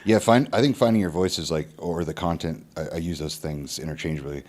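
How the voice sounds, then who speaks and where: Very deep-voiced man in his thirties. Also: a little fast, a little mellow. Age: 30s. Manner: loose, rambling with repeated restarts and profanity. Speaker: podcast guest. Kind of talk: casual podcast conversation.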